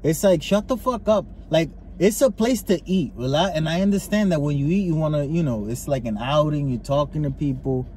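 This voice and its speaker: A man co-hosting a casual podcast from inside a car, ranting with lots of swearing and animated storytelling. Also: fairly high pitch, a little fast, few pauses. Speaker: podcast co-host. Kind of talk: casual chat. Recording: faint car noise behind.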